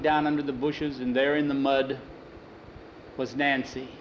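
A man's voice: mid-range voice, flat delivery, highs cut off, slight background noise. Older man telling a folksy tale. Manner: unhurried, folksy telling with acted dialogue. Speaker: storyteller. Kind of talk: spoken storytelling.

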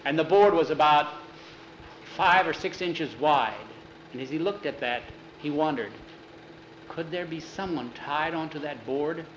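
A man telling a story aloud in plain, unhurried narration, with a roomy echo. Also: fairly high pitch, slight background noise. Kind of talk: oral storytelling. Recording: roomy echo, faint ambience.

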